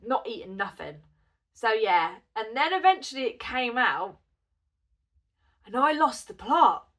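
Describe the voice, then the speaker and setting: A woman's voice: on the high side, bright, forceful tone. A woman vlogger chatting casually and telling a rambling, giggly story, with a cough from a cold. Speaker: crochet vlogger.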